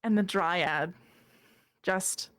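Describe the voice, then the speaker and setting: A woman narrating as game master of a tabletop game, measured with small hesitations. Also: lowish voice, fairly bright tone, no echo, studio quality.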